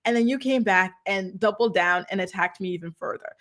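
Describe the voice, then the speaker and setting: A woman's voice: mid-range voice, a little fast, a bit bright. A woman hosting a celebrity gossip commentary, talking in a sarcastic, snarky way and laughing now and then. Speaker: commentary channel host.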